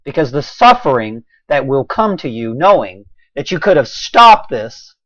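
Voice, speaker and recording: A man delivering a preachy, impassioned monologue, swinging between a raised voice and quiet intensity. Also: medium pitch, big pitch swings, moderate pace, no echo, highs cut off. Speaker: video blogger.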